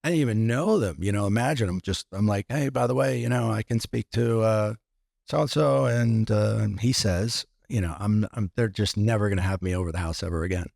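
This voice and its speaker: A man's voice: on the low side, a little fast, creaky, a little mellow, dry recording, studio quality. A man guest on a podcast, telling a personal story with many restarts and acting out what others said.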